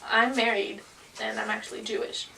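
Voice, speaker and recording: A woman's voice: fairly high pitch, level tone, gravelly, bright, forceful tone, slight background noise. Woman voicing a hesitant cab driver man. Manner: halting, hesitant. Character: nervous male cab driver confessing. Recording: distant mic.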